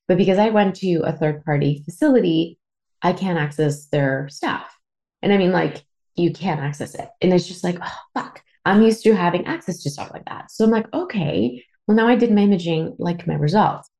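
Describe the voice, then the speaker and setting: A Canadian woman in her thirties hosts a podcast, sharing a candid personal story in a fairly low, creaky, dark voice at a moderate pace. At times she grows emotional and tearful, and her speech is full of swearing and fillers.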